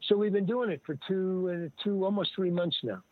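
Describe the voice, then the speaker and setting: A man's voice: high voice, normal speed, no room sound. Older man rambling over a tinny line. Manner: rambling, with many restarts and animated retelling of dialogue. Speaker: interview guest. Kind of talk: casual storytelling. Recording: dry, tinny phone-like line.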